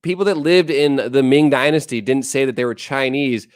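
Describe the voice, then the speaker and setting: A man's voice: mid-range voice, normal speed, no room sound, studio quality. A man hosting a casual livestream, chatting bluntly and profanely, reading viewer comments aloud and rambling between topics. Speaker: livestream host.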